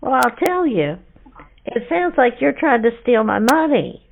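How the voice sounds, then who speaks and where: A woman's voice: fairly high pitch, big pitch swings, a little slow, vocal fry, phone-quality sound, full character voice. A woman playing a sassy churchgoing woman who bluntly calls out a phone scammer. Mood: suspicious. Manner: blunt, teasing, suspicious. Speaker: scam baiter. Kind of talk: prank phone call.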